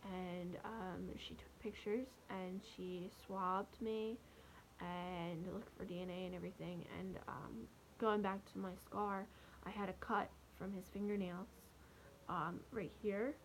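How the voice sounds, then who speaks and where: A young woman telling a personal story to the camera, speaking softly and haltingly with many pauses. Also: fairly low pitch, steady tone, a little hiss or hum, poor audio. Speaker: vlogger.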